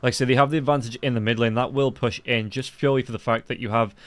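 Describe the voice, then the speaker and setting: A man doing play-by-play esports commentary, quick and lifting into excited calls during fights. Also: medium pitch. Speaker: esports caster.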